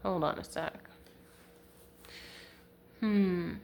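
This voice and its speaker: A woman's voice: fairly low pitch, drawn-out words, creaky, muffled recording, a little hiss or hum. A young woman giving a casual tarot reading to camera, chatty and giggly, full of fillers, talking into a handheld camera. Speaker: tarot reader. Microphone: handheld camera mic.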